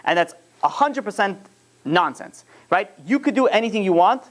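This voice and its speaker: A man's voice: high voice, animated, normal speed, a bit bright. A man teaching an informal religious lesson, rambling and often restarting his phrases.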